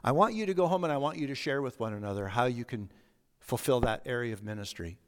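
A middle-aged man preaching a sermon as a pastor, earnest and anecdotal, moving between emphatic points and soft, quiet asides. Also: medium pitch, lively intonation, quick pace. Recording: long hall reverb.

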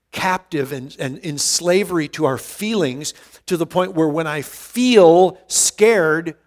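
Emphatic pastor preaching a sermon. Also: male voice, high voice. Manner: earnest, emphatic, repeats key phrases, restarts often.

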